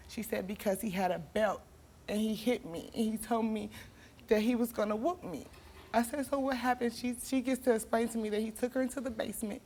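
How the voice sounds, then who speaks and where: A woman's voice: fairly high pitch, steady tone, a little fast. A young woman telling a talk show host an emotional story, her voice turning tearful and pleading. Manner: tearful, pleading, rising to shouts. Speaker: guest.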